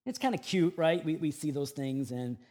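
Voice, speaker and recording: Slightly high-voiced man preaching a sermon. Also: moderate pace. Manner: humorous storytelling with lively shifts. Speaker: pastor.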